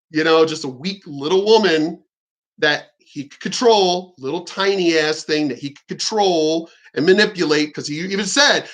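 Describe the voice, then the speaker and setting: A man's voice: high-pitched, bright, forceful tone. A man in his forties hosting a commentary video, telling stories in a profane, heated ranting manner. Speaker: commentary channel host.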